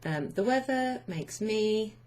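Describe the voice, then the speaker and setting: A woman language teacher explaining grammar to her students in an unhurried way, thinking aloud with many fillers. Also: mid-range voice, lively intonation, darkish tone.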